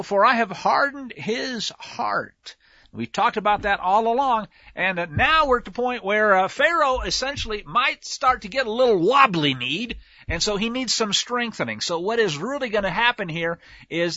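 A man's voice: high voice, lively intonation, moderate pace, pushed and bright, no room sound. A man teaching scripture verse by verse in a casual, folksy way, with slang asides. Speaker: Bible teacher. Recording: dull lo-fi, dry sound.

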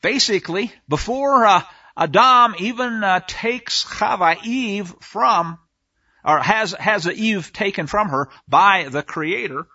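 A man's voice: high voice, slow, pushed and bright, lo-fi sound. A man preaching a sermon on scripture, emphatic, often asking the listeners rhetorical questions. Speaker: Bible teacher.

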